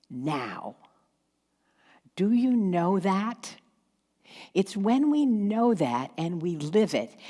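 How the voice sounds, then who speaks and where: Slow-preaching woman pastor in echoing hall. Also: on the low side, a little mellow. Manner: slow, emphatic preaching with pauses and acted asides. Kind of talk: sermon. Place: church sanctuary. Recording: long hall reverb.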